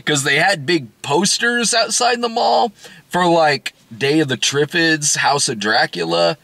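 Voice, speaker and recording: A man talks through a film review in a loose, chatty way, his pitch bouncing up and down as he gets worked up and breaks into laughs. His voice is bright and forward, caught close and dry with no room sound. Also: measured pace, gravelly, no room sound. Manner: animated, laughs often. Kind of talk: casual review chat.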